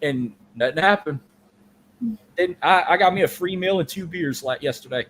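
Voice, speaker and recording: A man's voice: a little high, normal speed, fairly bright tone, slight background noise. A man co-hosting a podcast, telling a long story in casual, profane, rambling chat. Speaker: podcast co-host.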